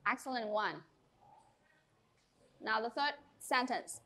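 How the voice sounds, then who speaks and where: Teacher, woman, high crisp voice, clear and encouraging. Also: slow, bright, forceful tone. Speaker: English teacher. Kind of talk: classroom teaching. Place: classroom.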